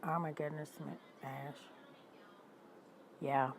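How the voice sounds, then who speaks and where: A woman, hosting a livestream and telling stories in an animated, indignant way while talking to her viewers. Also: sits low, slow pace, vocal fry, a little hiss or hum, rough recording. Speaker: livestream host. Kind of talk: casual storytelling to live chat.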